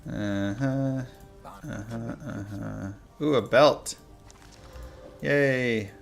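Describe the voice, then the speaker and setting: Gravelly excitable man streaming a game. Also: medium pitch, drawn-out words, faint music behind. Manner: excitable, reacting aloud to the game. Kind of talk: live gameplay commentary.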